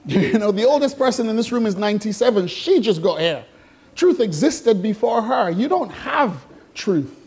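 In a church hall full of congregants, a pastor preaches a sermon that invites participation, his high voice carrying a darkish tone. He keeps things conversational and playful, posing questions and ribbing the audience.

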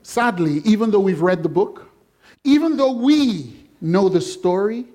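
A male pastor preaching a sermon in a church, animated and jokey, acting out voices. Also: sits high, a little slow.

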